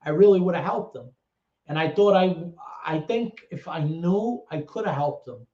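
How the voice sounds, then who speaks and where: A middle-aged man speaks candidly in a slightly high voice, blunt and full of curses, stumbling over repeated words. The recording is roomy and a little dull and lo-fi. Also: expressive, dark tone. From New York. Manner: blunt, heavy swearing, halting repetitions. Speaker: interview guest. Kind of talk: candid storytelling.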